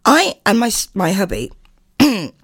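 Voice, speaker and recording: An older woman hosting a radio show, chatting casually and reading listener messages, her voice a bit hoarse from a chest infection. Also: a little slow, no room sound, clean studio sound. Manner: chatty and animated, swooping pitch. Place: radio studio.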